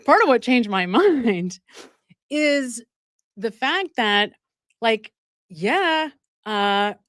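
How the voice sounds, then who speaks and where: A woman hosting a live true crime stream in a brightish voice, recorded close and dry. She talks straight to her viewers, emphatic and animated, breaking into laughter mid-sentence and throwing in asides. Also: a little high, extremely slow, dry recording. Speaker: livestream host.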